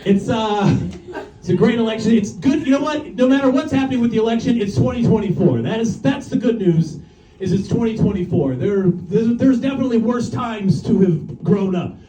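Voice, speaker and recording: A man's voice: high-pitched, a little fast, warm tone. A man doing a stand-up comedy set, rambling, swearing and mocking himself. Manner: rambling, profane, self-mocking. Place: comedy club stage. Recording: roomy club sound from the mic distance. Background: audience laughter.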